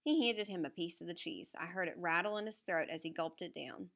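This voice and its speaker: A woman reading a novel aloud in the first person, steady and even as a storyteller. Her voice sits slightly low yet sounds bright and forceful. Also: brisk, creaky. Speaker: audiobook narrator.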